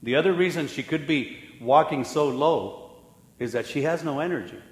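A man preaching a sermon as pastor, telling the story with lively acted-out voices and laughing at himself now and then. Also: on the high side, normal speed. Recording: echoey hall with long reverb.

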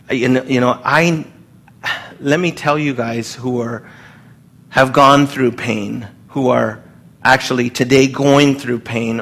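A man preaching a sermon in a loose, conversational way, with fillers and asides, and acting out quoted lines. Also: a bit bright. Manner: acts out quoted lines with rising pitch.

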